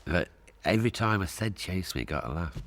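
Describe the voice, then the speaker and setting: A man's voice: low-pitched, animated, fairly quick, very noisy. An older man telling a story in an interview, chatty and chuckling as he recalls it. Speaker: comedian interviewee. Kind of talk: interview anecdote.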